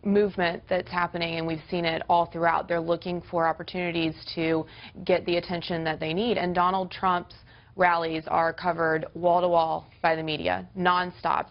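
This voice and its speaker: A woman who was a political spokesperson, speaking in a measured way with filler pauses during a TV debate. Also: fairly low pitch. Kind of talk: televised debate. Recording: dull broadcast audio.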